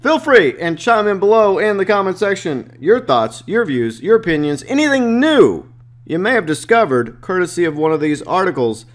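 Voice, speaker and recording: Man, gaming youtuber, reads previews, excitable, jokey asides. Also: high voice, moderate pace. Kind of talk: reading out previews with commentary.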